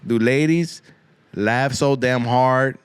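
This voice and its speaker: A man's voice: mid-range voice, takes it slowly, smooth, no echo. A man hosting a podcast, rambling through a crude comic monologue full of swearing and Spanish slang, often repeating himself. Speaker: podcast host.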